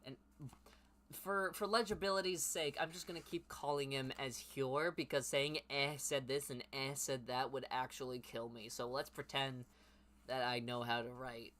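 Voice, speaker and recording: A man's voice: mid-range voice, steady tone, moderate pace, a bit bright. A man reading his old teenage story aloud and mocking it with sarcastic, profane commentary. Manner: sarcastic, self-mocking, swears.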